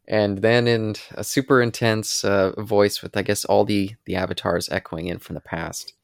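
Deep gravelly podcast co-host. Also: male voice, flat delivery, moderate pace, no echo, studio quality. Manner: narrates plot in long descriptive runs. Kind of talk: casual chat, recapping scenes.

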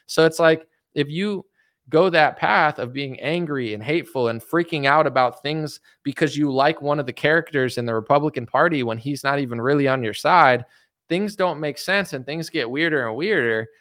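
A young adult man ranting casually about politics, quick and animated, breaking into mocking put-on voices now and then. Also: on the high side, no echo, clean studio sound. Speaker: political commentator.

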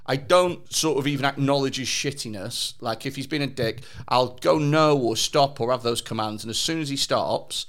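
A man's voice: medium pitch, normal speed, hardly any pauses, fairly bright tone. A man in his thirties with a Lancashire accent, co-hosting a podcast in casual chat and telling stories full of swearing and laughter. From northern England. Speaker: podcast co-host.

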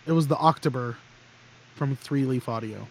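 This man speaks at medium pitch and normal speed, his voice creaky, with a little hiss or hum in the recording. He hosts a gear podcast, chatting casually, rambling and joking, and often restarting his sentences.

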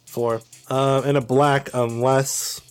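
A man narrating as game master of a tabletop role-playing game, talking casually and quickly. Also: mid-range voice, little pitch movement, clear, resonant tone, soft background music.

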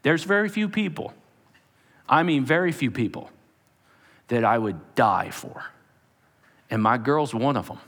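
Emphatic preacher with hall echo. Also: male voice, medium pitch, animated, unhurried, pauses often, fairly bright tone. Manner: emphatic, talks straight to the congregation. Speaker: pastor. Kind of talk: sermon. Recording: long hall reverb.

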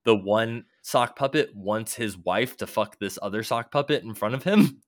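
A man's voice: lowish voice, normal speed, dry recording, clean studio sound. A man casually rambling about a video game, loose and swearing now and then, with many fillers.

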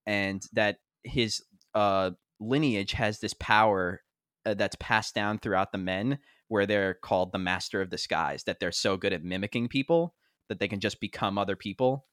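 Give me a young man with a lowish voice, in a rambling podcast chat. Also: moderate pace, a bit bright, dry recording, clean studio sound. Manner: rambling storyteller, heavy on fillers, laughs often. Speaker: podcast co-host. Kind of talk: casual chat.

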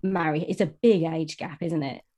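A woman's voice: sits low, steady tone, moderate pace, mellow. A woman co-hosting a podcast, chatting about a novel in a hesitant way that often trails off. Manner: hesitant, trailing off, many fillers. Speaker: podcast co-host. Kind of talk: casual book discussion.

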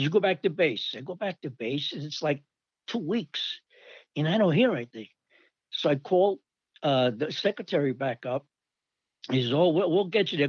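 An older man rambles through old army stories and animatedly acts out the people he quotes. His voice sits a touch high. The recording is dull and dry. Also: dry recording. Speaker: storyteller recalling army days. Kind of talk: casual anecdote.

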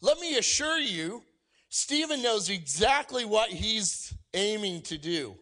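A man preaching a sermon, energetic and emphatic, swinging from loud exclamations to quiet asides and acting out quoted lines. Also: high voice, slow pace. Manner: acts out quoted voices and jokes with the congregation. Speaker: pastor.

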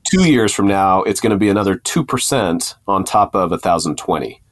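A male podcast host who talks casually and thinks out loud through the numbers, often restarting his sentences. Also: sits low, animated, brisk. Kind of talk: podcast interview, conversational.

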